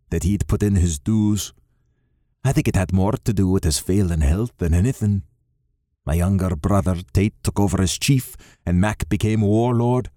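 Man narrating in a low voice. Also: dark tone, dry recording, clean studio sound. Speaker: audiobook narrator. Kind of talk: first-person novel narration.

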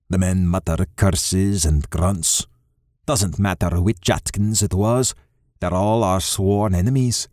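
Guy reading an audiobook, lowish voice, dry close sound. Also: darkish tone, no room sound. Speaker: audiobook narrator. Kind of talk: first-person audiobook narration.

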